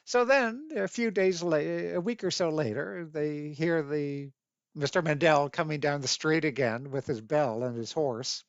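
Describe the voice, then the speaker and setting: A man's voice: on the high side, a little slow, dry recording. An older man from Canada, an instructor, tells family stories for an online course in a rambling, conversational way and corrects himself as he goes. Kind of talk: personal storytelling for an online course. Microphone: webcam. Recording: dull dry webcam audio.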